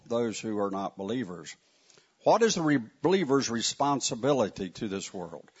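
Animated, husky-voiced man teaching a sermon. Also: on the high side. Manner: conversational, wry, asks the audience questions. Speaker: Bible teacher. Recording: dull lo-fi recording.

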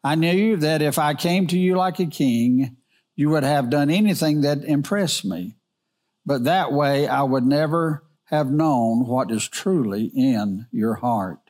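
A man voicing a wise old king in a sermon story, speaking in a measured, unhurried way. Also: fairly high pitch, darkish tone, lightly acted. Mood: calm.

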